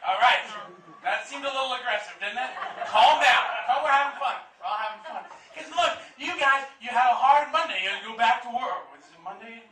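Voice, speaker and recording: A man performing a stand-up comedy set in a comedy club, talking loudly to the crowd with swearing and shouted punchlines. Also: extremely high pitch, a little fast, hardly any pauses, a little hiss or hum. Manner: loud, swearing crowd work with rising shouts. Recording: echoey club audio from a distance.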